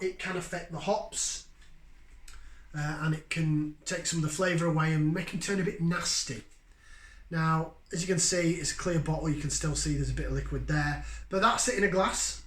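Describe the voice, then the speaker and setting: In an echoey room, a man from Yorkshire with a rather high voice reviews beer for his channel, addressing viewers with friendly enthusiasm in a laid-back vlog style.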